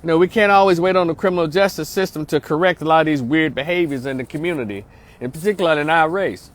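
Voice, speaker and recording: Middle-aged man, somewhat high voice, slangy storyteller who checks in with listeners. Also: quick pace. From North Memphis, Tennessee. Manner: slangy, streetwise, asks listeners for agreement. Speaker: social worker and vlogger. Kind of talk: casual storytelling monologue turning to preaching.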